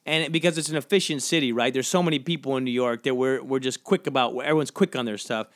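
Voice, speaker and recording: A man with a Southern American accent hosts a casual solo podcast, talking fast at a medium pitch and rambling while second-guessing himself with plenty of fillers. The studio-quality recording has no echo.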